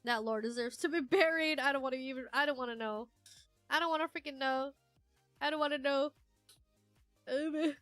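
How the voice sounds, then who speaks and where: High bright giggly woman streamer. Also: a little fast, pauses often, no room sound, soft background music. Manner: giggly, rambling with many fillers. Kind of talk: casual livestream chat, reading chat aloud.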